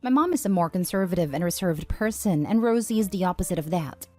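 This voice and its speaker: A woman narrating online posts aloud at an even, steady reading pace. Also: fairly low pitch, fast, faint music behind.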